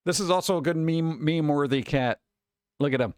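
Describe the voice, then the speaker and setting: A man's voice: a little high, a little slow, pauses often, dry recording, studio quality. Laid-back man chatting over a stream. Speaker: streamer host. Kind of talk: casual live-stream commentary.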